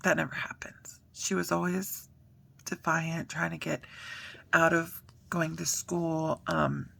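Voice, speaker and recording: A woman's voice: deep voice, flat delivery, takes it slowly, vocal fry, sharp tone. A woman in her thirties, a mother telling a personal story in a chatty, earnest vlog, with many fillers. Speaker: mother documenting a diet change.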